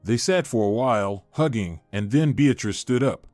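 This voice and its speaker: A man reading a scripted dramatic story aloud as narrator, in an expressive storyteller voice. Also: mid-range voice, moderate pace, no room sound, soft background music.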